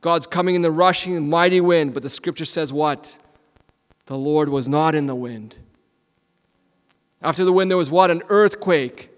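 Male pastor, sermon, slightly high voice, loud then hushed, rhetorical questions, long church-hall reverb. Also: normal speed, pauses often. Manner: dramatic swings from loud emphasis to hushed near-whispers.

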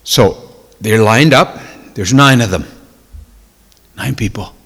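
A man telling a personal testimony in a sermon, emotional and tearful, dropping to hushed whispers and rising to loud exclamations. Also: on the low side, takes it slowly, in a large hall. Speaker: preacher.

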